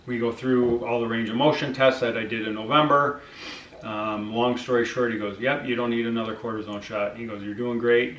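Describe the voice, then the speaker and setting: A middle-aged man shares his story in a relaxed, conversational way, slipping into quoted dialogue with frequent fillers. He sits some distance from the mic, and the room adds a noticeable echo. A faint hum of background noise runs underneath. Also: medium pitch. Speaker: vlogger sharing his diet journey. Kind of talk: casual personal storytelling.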